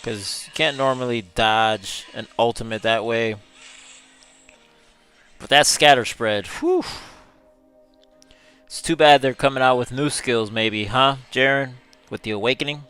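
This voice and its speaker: A man's voice: medium pitch, measured pace, bright, forceful tone, smooth, faint music behind. A male gaming streamer giving live gameplay commentary in a chatty way, reading chat messages aloud and laughing often.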